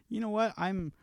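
A man's voice: high voice, vocal fry, a little mellow, no room sound, clean studio sound. A man co-hosting a comedy podcast, joking, mock-indignant and laughing often in casual chat. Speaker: podcast co-host.

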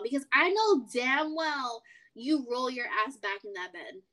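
A young woman co-hosting a podcast, chatting casually and acting out quotes in animated stories. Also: high voice, a little slow. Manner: animated storytelling, acts out quotes. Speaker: podcast co-host. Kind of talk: casual chat.

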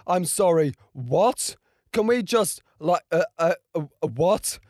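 A young man with a hoarse, strained voice, talking through a race in a casual, excitable and rambling way, full of fillers and restarts. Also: on the high side, slow pace, dry recording, studio quality. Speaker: motorsport video creator. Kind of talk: casual reaction and race breakdown.

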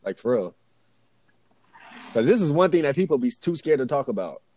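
A man in casual chat with friends, animated and slangy, saying bro a lot. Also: mid-range voice, moderate pace.

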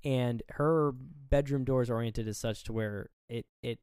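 Podcast co-host, male, crisp clear voice, dry close mic, chatty scene-by-scene recap. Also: mid-range voice, measured pace, darkish tone, no room sound. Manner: recaps scenes, acting out characters' lines. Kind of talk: casual movie review chat.

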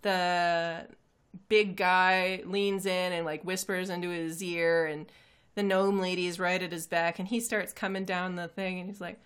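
A woman's voice: lowish voice, level tone, measured pace, fairly bright tone, clear, resonant tone. A woman narrating a tabletop game as game master, hesitant and full of fillers.

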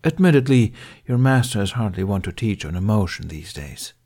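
A man doing a serene, patient older mentor with a quiet smile in his voice, storybook reading. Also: fairly low pitch, moderate pace. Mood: calm. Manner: calm, patient, gently amused. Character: calm older male mentor, patient, gently wry.

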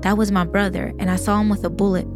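A woman's voice: medium pitch, flat delivery, fast, music in the background, natural voice. A woman reading the lines of a grieving teenage boy who answers defensively. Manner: defensive, clipped. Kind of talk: audiobook-style reading.

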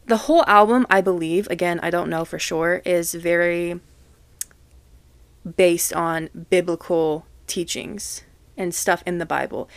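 A young woman hosts a casual solo podcast, gushing with feeling and swearing freely. Her voice sits a little low, recorded close with a dry, deadened sound. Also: no room sound. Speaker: podcast host.

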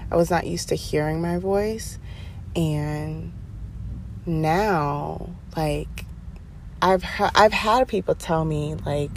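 A young woman talks through her solo podcast in a low, gravelly voice with plenty of vocal fry. She chats casually and animatedly, tossing in sassy asides. A faint hiss sits under the recording. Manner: chatty, animated, sassy asides with drawn-out emphasis. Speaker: podcast host. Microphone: headphones, home podcast mic.

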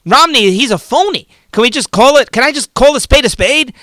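A man's voice: very high voice, lively intonation, brisk, pushed and bright, dry recording. A man hosting a political talk show, giving fervent, rambling commentary and often repeating and restarting his words.

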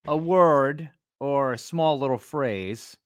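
A man's voice: mid-range voice, slow, no room sound, clean studio sound. A man co-hosting a casual podcast, explaining a game in a playful, teasing way. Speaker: co-host.

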